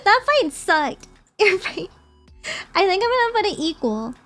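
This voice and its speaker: A woman's voice: extremely high pitch, sing-song, unhurried, fairly bright tone, soft background music. A young woman streamer chatting casually and rambling as she ranks movies, often giggling.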